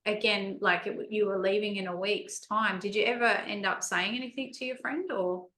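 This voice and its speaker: A woman hosts a podcast interview and answers her guest with supportive, reflective remarks, often restarting her sentences. Her bright, forceful voice echoes around a roomy space. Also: mid-range voice, fairly even intonation, normal speed, a little hiss or hum. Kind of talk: interview conversation. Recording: roomy echo.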